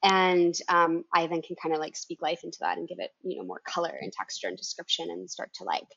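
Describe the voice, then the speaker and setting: A woman with a low, husky voice talks through ideas like a coach, encouraging and expansive. The recording is dull and lo-fi, with a dry, close sound. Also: flat delivery, a little fast, fairly bright tone, no room sound. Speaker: founder coach, podcast co-host. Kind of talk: casual podcast chat.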